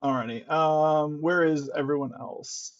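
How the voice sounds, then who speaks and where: A man's voice: on the high side, steady tone, measured pace, dry recording. A man playing in a tabletop game, hesitant, with many ums and restarts, on a dull muffled mic. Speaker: player.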